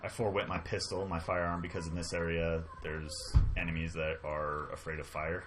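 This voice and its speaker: A man's voice: deep voice, level tone, fairly quick, background noise. A man chatting casually on a livestream, explaining things in a rambling, easygoing way. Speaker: guest explaining game lore.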